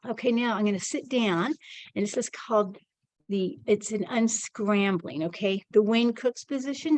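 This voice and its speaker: In a rough recording with no room sound, a woman with a mid-range, slightly mellow voice leads an energy routine. Chatty and encouraging, she describes each move as she performs it, a little winded, in the style of a casual instructional demo.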